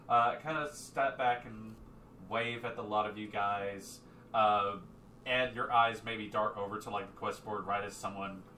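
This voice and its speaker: Male game master, relaxed and filler-heavy, slightly low, room echo. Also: slight background noise. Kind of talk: narrating a tabletop game. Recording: echoey room, distant mic.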